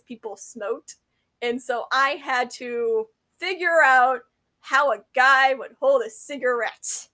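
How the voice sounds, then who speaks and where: A woman's voice: high voice, fairly bright tone. A young adult woman telling a rambling, self-deprecating story to camera, often correcting herself mid-sentence. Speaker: vlogger.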